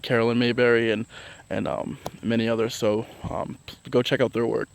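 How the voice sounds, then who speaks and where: A man's voice: medium pitch, vocal fry. A man chatting casually about astrology in a vlog, rambling with lots of fillers and restarts and often breaking into laughter between points. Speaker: vlogger.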